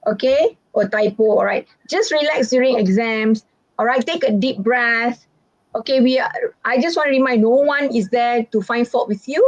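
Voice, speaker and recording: A woman's voice: on the high side, normal speed, no room sound. A woman, teaching a live online exam-prep lesson in a chatty, reassuring way and acting out sample answers. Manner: chatty and reassuring, reads out student questions, acts out sample answers. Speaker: English teacher. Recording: dull, dry, lo-fi recording.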